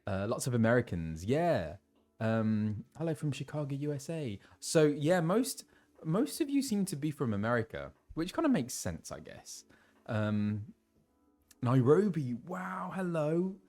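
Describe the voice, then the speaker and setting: A young British man chatting casually on a live stream and greeting viewers, his voice a little low as he recovers from laryngitis. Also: sing-song, measured pace, a little mellow, soft background music. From England. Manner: chatty, reads out viewers' messages with laughs and fillers. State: recovering from laryngitis, voice lower than usual.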